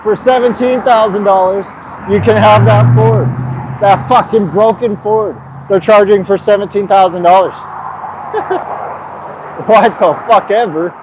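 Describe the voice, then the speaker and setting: Walking outdoors beside a busy road, a young man streams live and talks to his chat, hyper, profane, and joking. His voice sits high with fairly even intonation at normal speed, and the streaming mic he carries picks up faint street traffic.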